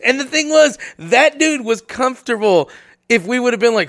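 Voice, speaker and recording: High, gravelly man telling wild stories. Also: normal speed, dry recording, studio quality. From Puerto Rico. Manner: animated, swearing, acts out people he quotes. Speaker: podcast co-host. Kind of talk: casual chat.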